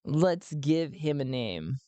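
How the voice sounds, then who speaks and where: A man's voice: on the high side, big pitch swings, takes it slowly, mellow, no echo. A man narrating his solo tabletop role-playing game, rambling and laughing at his own jokes.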